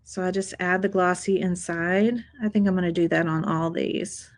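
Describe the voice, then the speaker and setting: A woman's voice: lowish voice, fairly even intonation, normal speed, low-quality recording. A woman hosting a casual craft tutorial, chatty and upbeat, talking to viewers as she works at a craft table. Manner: chatty, upbeat, addresses viewers as "you guys".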